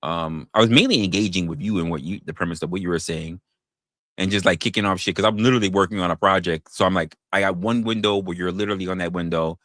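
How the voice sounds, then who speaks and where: A man streaming online in casual chat, venting in an animated way with frequent restarts, swearing freely, and rising to incredulous outbursts. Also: sits low, no room sound, clean studio sound. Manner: halting restarts.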